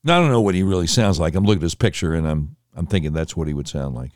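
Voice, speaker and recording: A man reads through a list and comments on it in an indignant, sarcastic tone. His pitch is lively and swings widely. The recording is dry and close, with no room sound. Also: rapid-fire, dry recording. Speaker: political commentator. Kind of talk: reading a vote list with commentary.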